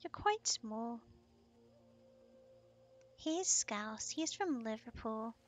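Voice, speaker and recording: A woman's voice: a little high, expressive, drawn-out words, slight background noise. A woman from the United States hosting a casual gaming stream, giggling often and teasing playfully. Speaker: streamer host.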